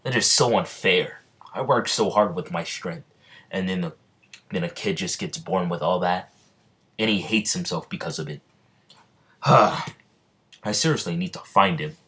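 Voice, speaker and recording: A man's voice: sits low, a little slow, long pauses, bright, forceful tone. A man doing a grumbling, frustrated captain. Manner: grumbling, muttering to himself.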